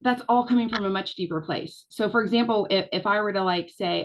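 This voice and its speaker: A woman's voice: medium pitch, fairly quick, few pauses. A woman giving a casual coaching talk, chatty, with lots of fillers and restarts.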